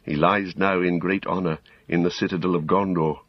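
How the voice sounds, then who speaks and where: A man's voice: deep voice, steady tone, normal speed, husky, dry recording, lo-fi sound. A man reading, voicing a young warrior lord who speaks earnestly and tenderly to his sister. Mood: tender, grieving. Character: young male warrior lord, grieving brother.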